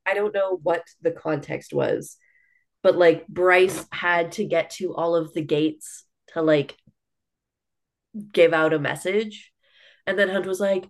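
A woman's voice: on the low side, steady tone, measured pace. A woman co-hosting a podcast, chatting casually about a book in a blunt way, with lots of "like" and the odd swear word. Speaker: podcast co-host. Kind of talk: casual book review chat.

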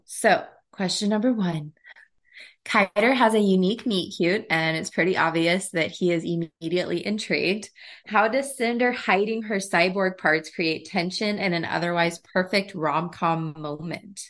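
A woman's voice: lowish voice, normal speed, fairly bright tone. A woman with a scratchy voice, hosting a podcast in a chatty, friendly way, with loose phrasing full of "like". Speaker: podcast host. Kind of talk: casual podcast chat.

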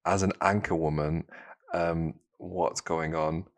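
Male podcast host, very low voice, rambling, teasing. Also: steady tone, slow. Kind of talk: casual chat.

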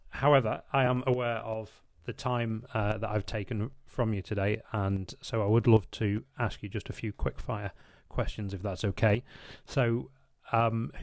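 A man's voice: fairly low pitch, creaky, a little mellow, dry recording, clean studio sound. A man hosting a podcast, asking polite, encouraging questions with a lot of hesitant ums. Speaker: podcast host. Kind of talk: interview questions.

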